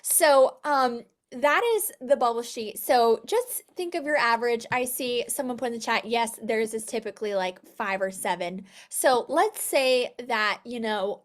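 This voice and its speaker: A woman's voice: on the high side, measured pace, few pauses. A young woman leading a live online sales training, upbeat and chatty, full of fillers and constant "you guys".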